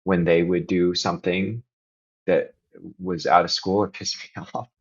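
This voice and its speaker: A man's voice: low-pitched, fairly even intonation, a little slow, husky, highs cut off. A man speaking as a podcast guest, sharing candidly and earnestly, reflective and sometimes rising to emphatic bursts. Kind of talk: candid confessional conversation.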